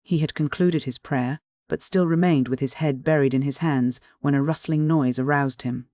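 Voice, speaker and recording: A man narrating an audiobook in a steady, measured storytelling manner. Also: fairly high pitch, dry recording, studio quality. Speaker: audiobook reader.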